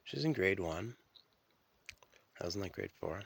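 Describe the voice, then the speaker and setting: A man's voice: low-pitched, big pitch swings, moderate pace, gravelly, no echo. A man telling stories in a rambling, profane, stream-of-consciousness solo monologue, often restarting his sentences.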